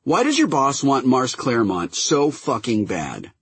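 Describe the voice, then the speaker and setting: A man voicing a fierce, profane woman captain who snaps and threatens, with a husky voice. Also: mid-range voice, wildly swooping pitch, unhurried, dry recording, pitched above the performer's own voice, exaggerated voice. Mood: angry. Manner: snarling, sharp, swears constantly.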